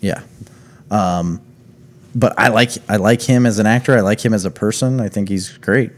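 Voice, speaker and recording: A man's voice: lowish voice, moderate pace. Joking man in casual chat. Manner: joking, teasing. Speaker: podcast co-host.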